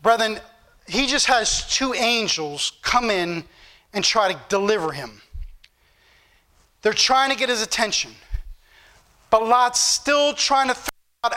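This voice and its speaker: A man preaching in church with a high, bright, cutting voice. He drives his points home with repetition and rising fervor, reading scripture and then pressing it on his listeners. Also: animated, normal speed. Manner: fervent, repetitive, building intensity. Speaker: pastor. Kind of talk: sermon.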